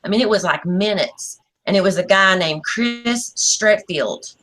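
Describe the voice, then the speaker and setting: A grown woman with a drawl tells a long story on a casual panel. Her voice is mid-pitched. She is blunt and lively, and she slips into the voices of the people she quotes. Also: a little slow, noisy background. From Oklahoma, USA. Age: adult. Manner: animated, blunt, acts out quotes. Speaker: panel guest.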